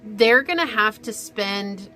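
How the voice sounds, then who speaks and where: A woman giving a casual pick-a-card tarot reading, rambling and animated with many fillers and restarts. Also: mid-range voice, slow, faint music behind. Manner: rambling, animated, lots of fillers and self-corrections. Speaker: tarot reader.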